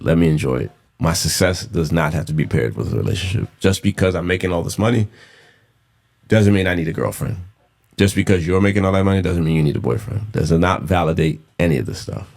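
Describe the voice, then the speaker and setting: A low-pitched, darkish voice with vocal fry belongs to a man in his thirties hosting a solo podcast. His style is casual, blunt, and profane, and he repeats things for emphasis.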